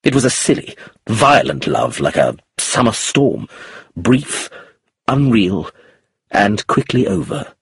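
A reserved husband, torn by guilt, pleads in a husky, breathy voice, as a male reader plays him. His delivery is slow and the pitch swings widely. The recording is dry and close. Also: big pitch swings, dry recording, full character voice. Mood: impassioned. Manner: emotional, pleading. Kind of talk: audiobook character reading.

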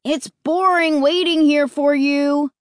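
A woman's voice: sits high, fairly even intonation, takes it slowly, no echo, studio quality, voice pushed up. A woman doing a teasing, impatient young boy. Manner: taunting, calling out. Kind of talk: audiobook character reading.

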